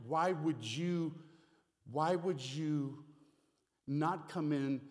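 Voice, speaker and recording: A man preaching a sermon as pastor, animated and conversational, with asides and repeated phrases. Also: on the high side. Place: church sanctuary. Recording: reverberant hall.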